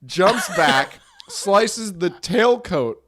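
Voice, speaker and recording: A man's voice: high-pitched, animated, drawn-out words, fairly bright tone. A man co-hosting a comedy podcast, telling a story in casual chat, laughing often and acting out quoted lines. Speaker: podcast co-host.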